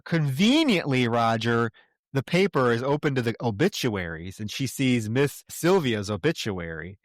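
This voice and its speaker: Man, podcast co-host, lively swooping voice, dry close sound, casual profane storytelling. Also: medium pitch, normal speed, no echo. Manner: animated, profane storytelling with laughs. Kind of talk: casual chat recapping a film.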